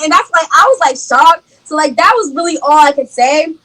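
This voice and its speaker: A woman's voice: high voice, normal speed, hardly any pauses, fairly bright tone, poor audio. A young woman telling a casual storytime, rambling and repeating herself as she acts out what people said. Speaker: storyteller in a clip.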